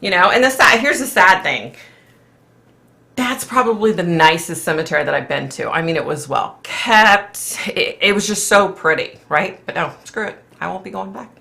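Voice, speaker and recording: A middle-aged woman from Philadelphia hosting a casual psychic livestream, chatting with viewers in a blunt, animated way and swearing freely. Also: fairly low pitch, moderate pace, vocal fry. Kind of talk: casual livestream chat reading comments.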